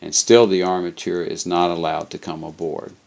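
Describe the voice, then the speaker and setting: Man doing an excitable plump shipping agent. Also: sits low, moderate pace, vocal fry, lo-fi sound. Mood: exasperated. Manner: effusive, exclamatory.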